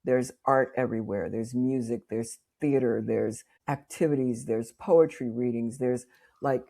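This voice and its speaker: Low gravelly woman in her sixties. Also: measured pace. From Boston, USA. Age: 60s. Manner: lively storyteller who acts out dialogue. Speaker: minister. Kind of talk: interview guest storytelling.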